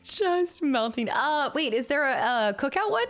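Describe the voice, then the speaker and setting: A woman streaming a co-op cooking game with friends, giggly and excitable, bursting into high laughs. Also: a little slow, soft background music. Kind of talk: casual gaming chat with friends.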